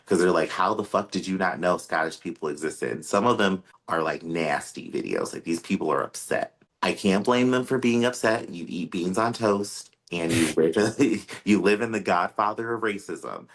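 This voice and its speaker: An American man with a very deep voice co-hosts a casual podcast. He tells stories with lively, animated emphasis. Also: normal speed, hardly any pauses. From United States. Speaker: podcast co-host. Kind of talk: casual chat.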